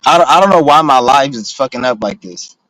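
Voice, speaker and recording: A man's voice: mid-range voice, animated, brisk, fairly bright tone, poor audio. A man ranting casually on a livestream, profane and rambling with lots of filler words. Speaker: streamer.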